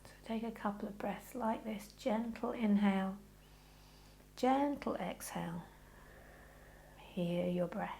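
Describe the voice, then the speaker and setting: A woman leads a yoga class with a gentle, reassuring manner. Her voice carries a gravelly, fry-tinged texture at a middle pitch. She chats warmly between slow, soft breathing cues. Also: a little hiss or hum. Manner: gentle, reassuring, chatty with frequent "okay". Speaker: yoga teacher. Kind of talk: guided yoga class instruction.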